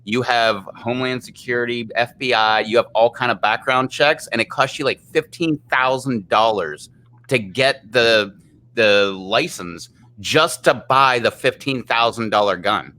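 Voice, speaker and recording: A man hosting a casual live chat, argumentative and quick to explain at length. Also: medium pitch, bright, forceful tone. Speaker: host.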